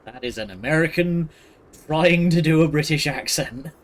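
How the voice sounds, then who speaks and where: A man's voice: fairly high pitch, moderate pace. A man giving casual, sardonic commentary while streaming a game. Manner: dry, sardonic, wandering. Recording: voice over loud game music.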